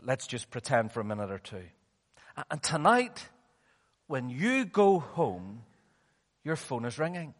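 A male preacher giving a sermon in a dramatic way, swinging between loud and hushed passages, heard with long hall reverb. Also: mid-range voice, very animated, unhurried, pauses often.

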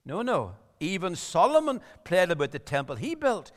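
A man's voice: sits high, big pitch swings, normal speed, big-room sound. A man preaching a sermon, earnest and rising to emphatic appeals.

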